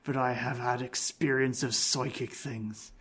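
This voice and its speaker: A man voicing a quiet, ominous stranger at a pub in a put-on Irish accent that slides into a pirate growl, as a podcast reading. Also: mid-range voice, fairly even intonation, a little slow, husky, pitched below the performer's own voice.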